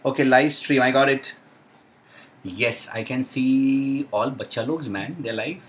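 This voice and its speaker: A man's voice: mid-range voice, measured pace. Chatty young Indian man hosting. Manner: chatty and excitable, lots of uh and um. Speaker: live stream host. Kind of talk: casual live Q&A hosting.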